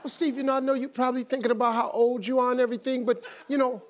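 A woman's voice: sits high, flat delivery, rapid-fire, a little hiss or hum, voice pushed up, natural voice. A man voicing his teasing wife, a woman who plays pranks, in a breezy voice.

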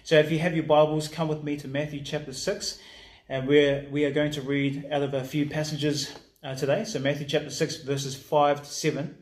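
Guy pastor preaching, kinda high voice, roomy echo, warm and conversational. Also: little pitch movement, normal speed. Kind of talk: sermon.

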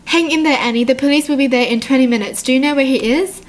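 A woman's voice: high voice, fast talker, natural voice. A woman reading the urgent, reassuring text messages of a worried young man.

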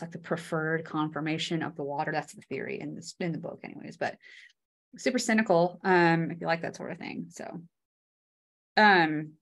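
Chatty woman lecturing, lots of ums. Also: fairly low pitch. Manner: chatty, many fillers, folksy analogies. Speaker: microbiology lecturer. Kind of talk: casual classroom lecture.

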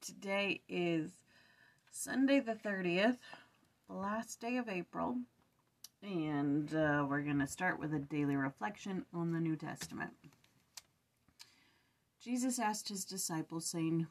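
A tired young woman with a fairly low voice reads scripture aloud at home. She drifts into chatty reflection, trips over words and corrects herself as she goes. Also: takes it slowly, pauses often. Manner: chatty, tired, restarts and fillers while reading aloud. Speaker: scripture study vlogger. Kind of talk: casual scripture reading and reflection. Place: home room.

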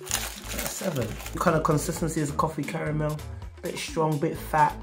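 A man's voice: on the high side, flat delivery, normal speed, over music. A man reviewing snacks on his vlog, talking casually with slang and theatrical, exaggerated outrage. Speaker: food reviewer.

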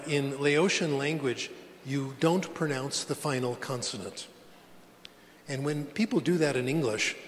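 An older man giving a conference lecture to language teachers, plain and conversational with pointed asides. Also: mid-range voice. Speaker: conference plenary speaker. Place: large conference hall. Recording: long hall reverb, faint background noise.

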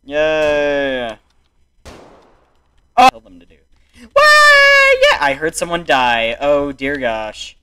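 A young man giving excitable, exclamatory commentary while playing a video game. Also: on the high side, takes it slowly, few pauses, a little hiss or hum. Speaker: gaming YouTuber. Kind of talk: gameplay commentary.

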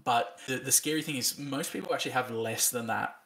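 A man's voice: mid-range voice, fairly quick, fairly bright tone. An Australian man hosting a podcast interview, matey and enthusiastic, full of local slang. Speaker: podcast host.

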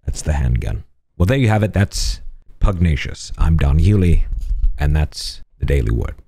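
Deep-voiced man with a wry delivery. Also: expressive, moderate pace, dark tone, breathy edge. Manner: wry, mock-formal delivery. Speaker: host of a word-of-the-day show. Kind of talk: comic scripted presentation.

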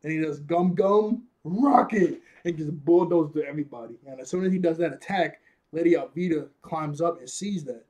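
A man's voice: on the high side, normal speed, a little mellow. A young man casually recapping an anime episode, rambling, laughing often and restarting his sentences. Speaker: anime reviewer.

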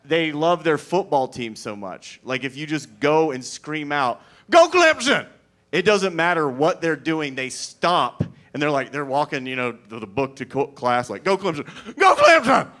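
A man's voice: mid-range voice, moderate pace, hardly any pauses, fairly bright tone. A man doing a stand-up comedy set, talking in a rambling, conversational way that is wry and profane. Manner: rambling, conversational, filler-heavy.

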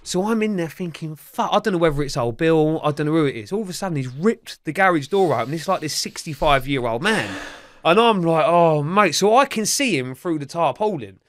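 A man spins a rowdy true story in a podcast interview, swearing constantly and mimicking the people in it. His voice sits a little high for a man. The recording is close and dry, with no room sound. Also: fairly quick, dry recording. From England. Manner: animated, swears freely, acts out the voices of others. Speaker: interview guest.

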